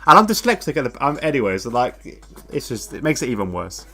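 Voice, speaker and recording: Bright-voiced laid-back male commentator. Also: medium pitch, very animated, a little fast. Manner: laid-back, self-mocking, laughs often. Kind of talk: live esports racing commentary.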